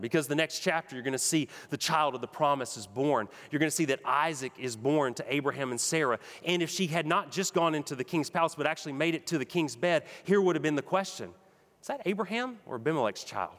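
A man's voice: a little high, a bit bright, long reverb tail. A man preaching a sermon with emphatic, rhythmic delivery. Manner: emphatic preaching, builds to repeated punchy phrases. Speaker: pastor.

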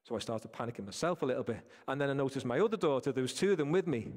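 A man's voice: medium pitch, animated, very fast, darkish tone. A man preaching a sermon, earnest and direct, speaking to his listeners as folks. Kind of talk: sermon with a personal story. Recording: reverberant hall.

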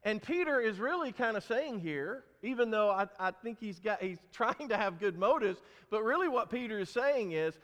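High-voiced man preaching in an echoing hall. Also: lively intonation, moderate pace, hardly any pauses, fairly bright tone, muffled recording. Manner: emphatic, asks the congregation questions. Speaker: pastor. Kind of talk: sermon.

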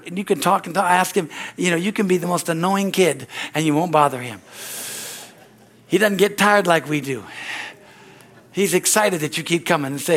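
A man preaching a sermon and leading a closing prayer, fervent and repetitive, building to loud exclamations. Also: a little high, normal speed.

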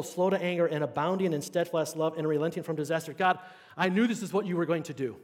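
Male preacher with a fairly high voice, casual conversational sermon, lots of questions to the room, long church reverb. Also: quick pace. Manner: conversational, checks in with the congregation. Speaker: pastor. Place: church sanctuary.

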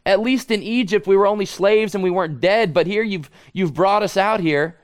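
A man's voice: high-pitched, normal speed, clear, resonant tone, pitched above the performer's own voice, lightly acted. A man doing a whiny, exasperated complainer. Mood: exasperated complaining. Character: frustrated complaining Israelite man, blaming his leader.

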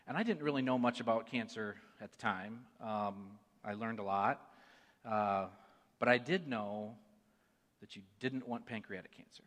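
A man in his forties giving an earnest sermon testimony, moving between hushed and emphatic delivery. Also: fairly low pitch, measured pace. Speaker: church speaker sharing a testimony. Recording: long reverb of a large hall.

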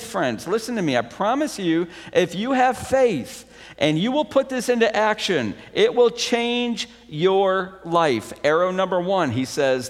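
A male pastor preaching a sermon in a fairly high voice, swinging from ringing emphasis down to near-hushed intimacy. His words trail off into the long reverb of a big sanctuary. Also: gravelly.

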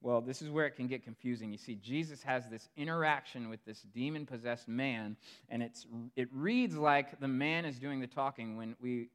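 A pastor preaching a sermon in a storytelling manner, swinging between hushed asides and emphatic, louder passages. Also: male voice, mid-range voice, normal speed.

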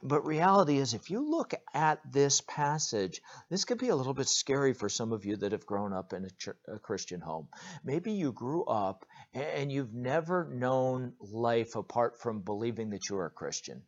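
A man preaching a sermon as pastor, earnest and direct, often pausing on "uh" and restarting his words. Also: mid-range voice, animated. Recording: dull lo-fi recording.

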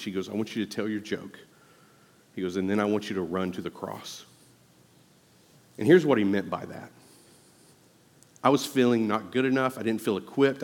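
A male pastor preaching a sermon, telling a personal story earnestly and rising to loud, emphatic exhortation. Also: on the low side, big-room sound.

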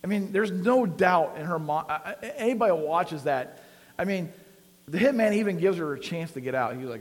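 A man's voice: sits high, animated, moderate pace. A man preaching a sermon in a casual, conversational way, using many fillers and rising to emphatic peaks. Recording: long hall reverb.

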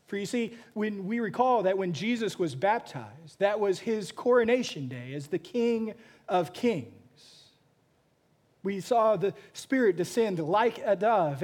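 A pastor preaching a sermon, telling a story with frequent restarts and repeated words. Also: male voice, sits high, darkish tone.

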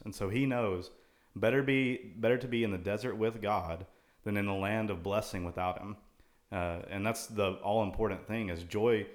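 A man's voice: fairly low pitch, steady tone, normal speed. A man co-hosting a casual Christian talk show, thoughtfully quoting and explaining scripture at length. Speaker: co-host. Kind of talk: casual Bible discussion.

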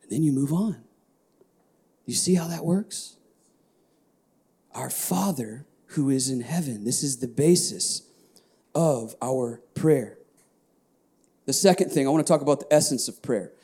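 A male pastor preaching a sermon, swinging from quiet, whispered prayer lines to animated shouts of praise. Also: medium pitch, a little slow, pauses often, breathy edge.

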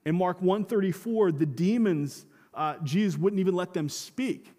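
A man preaches from a church sanctuary in a fairly high voice. He keeps it conversational, leaning on rhetorical questions and repeated phrases. The sound carries a long, reverberant hall tail. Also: expressive, moderate pace, few pauses, mellow. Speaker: pastor. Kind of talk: sermon.

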